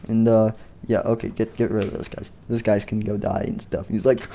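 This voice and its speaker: Guy rambling thru a game story, mellow voice, lots of "and stuff". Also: fairly low pitch, flat delivery, moderate pace, creaky, a little hiss or hum. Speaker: video creator. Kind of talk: casual game machinima narration.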